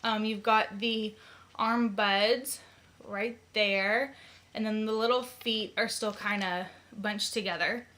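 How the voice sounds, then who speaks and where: A woman's voice: mid-range voice, steady tone, takes it slowly, bright, forceful tone. A young woman chatting casually in a vlog, giggling often and filling her talk with ums and likes. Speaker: vlogger.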